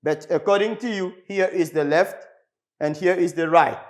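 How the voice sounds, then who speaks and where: A man from the Congo teaching an English lesson on television, slowly repeating words for his class. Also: high voice. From Republic of the Congo. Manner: slow, repetitive, drilling words for the class.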